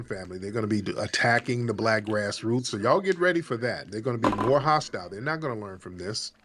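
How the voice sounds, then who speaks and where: A man's voice: mid-range voice, a bit bright. A man hosting a live call-in talk stream, speaking emphatically and repeating his points to drive them home. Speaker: host.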